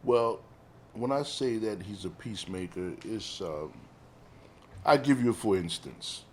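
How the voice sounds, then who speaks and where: A middle-aged man, a bereaved father telling family stories in an emotional, animated conversational way, often laughing and saying "man". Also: lowish voice, a little slow, slight background noise.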